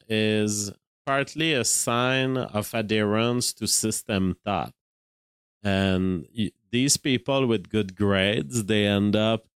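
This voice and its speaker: A Quebec-accented man, French by birth, hosts a live stream in a measured, thinking-aloud style, often restarting his sentences. His voice sits a little low and sounds smooth and clear. It is recorded close and dry, with no room sound. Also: no echo. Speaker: livestream host. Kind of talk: live-stream commentary, reading super chats.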